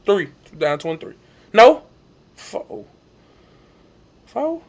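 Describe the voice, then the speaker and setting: A young man with a drawl recounts a personal story. His high voice swings widely, jumping up into cries and dropping low again. He acts out every shout and every line from the coaches. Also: big pitch swings, takes it slowly. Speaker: vlogger telling his injury story. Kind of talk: emotional storytelling to camera.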